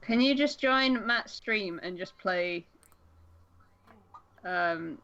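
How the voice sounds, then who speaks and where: A woman's voice: medium pitch, expressive, very slow, highs cut off, a loud crowd. A woman co-hosting a podcast over an online call, chatting in an easygoing way. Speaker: podcast co-host. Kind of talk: casual chat. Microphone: online call microphone.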